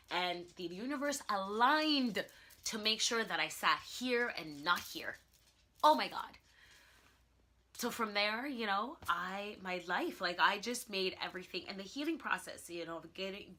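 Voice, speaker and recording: Young woman vlogging, bright voice, chatty and laughing a lot. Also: mid-range voice. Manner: animated, laughing, emphatic storytelling. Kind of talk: casual vlog monologue.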